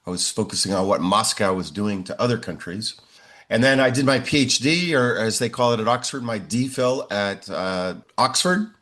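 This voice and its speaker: A man in his sixties, a professor answering interview questions in a measured way, often pausing on "uh". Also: lowish voice, lively intonation, a bit bright. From United States. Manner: measured, frequent "uh" fillers.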